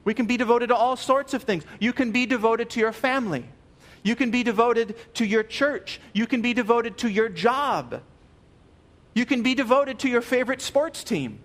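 A man delivering a sermon in a notably high voice. He speaks earnestly and with emphasis, repeating key phrases. His phrase endings drop low and soft. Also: moderate pace. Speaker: pastor.

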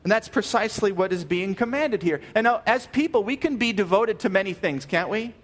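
High-voiced earnest male preacher. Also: fairly quick. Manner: earnest, emphatic, repeats key phrases. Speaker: pastor. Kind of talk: sermon.

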